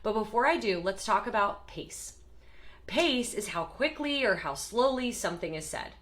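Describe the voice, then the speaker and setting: A woman explaining parenting communication in a lively, emphatic teaching talk, acting out short example voices. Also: medium pitch, normal speed. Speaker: parenting educator.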